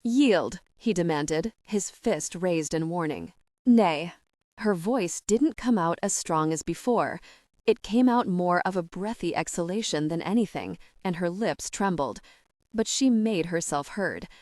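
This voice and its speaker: A woman narrating an audiobook in a measured, dramatic storytelling manner on a close mic. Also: on the low side, lively intonation, darkish tone, dry recording. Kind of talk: scripted narration.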